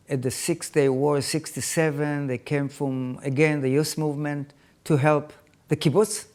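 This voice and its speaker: Older man, halting storyteller. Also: a little high, a little mellow. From Israel. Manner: halting, non-native phrasing with frequent restarts. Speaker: interviewee. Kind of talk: personal life story.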